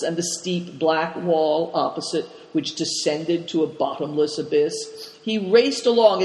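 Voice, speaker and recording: A man narrating an audiobook in an even, measured way, in a roomy space with long reverb. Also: a little high.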